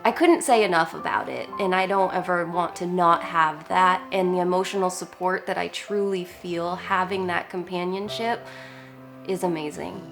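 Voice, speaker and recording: A woman speaking earnestly in an interview, pausing to find her words. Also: lowish voice, fairly even intonation, gravelly. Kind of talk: interview talk. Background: music.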